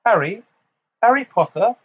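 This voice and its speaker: A man's voice: a little high, measured pace, muffled recording, pitched above the performer's own voice. A man voicing a flustered, blustering middle-aged minister who gasps and whimpers.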